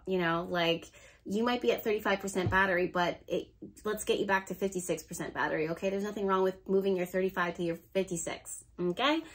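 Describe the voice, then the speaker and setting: A woman's voice: medium pitch, a little hiss or hum. A woman giving a casual tarot reading to camera, chatty and encouraging, talking straight to her viewers. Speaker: tarot reader.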